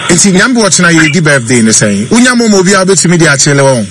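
A man with a Ghanaian accent hosting a call-in birthday show on radio, talking lively and mixing Twi and English. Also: on the high side, very fast. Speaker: radio host. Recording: noisy radio broadcast.

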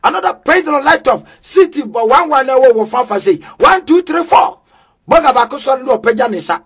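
A man preaching with fervor in a very high, husky voice. He chants his lines in a sing-song rhythm and breaks into shouts. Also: expressive, brisk. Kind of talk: energetic street sermon.

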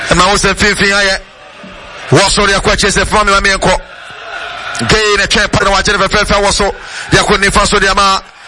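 A man with a Ghanaian accent giving rapid live radio football commentary, switching between English and Twi. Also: high voice, sharp tone, a little hiss or hum, rough recording.

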